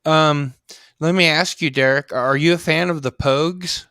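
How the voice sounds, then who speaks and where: A man hosting a casual late-night chat show, speaking slowly with many fillers. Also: on the high side, steady tone, pushed and bright, smooth, dry recording, studio quality. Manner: slow and halting, many fillers like uh and you know. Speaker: host.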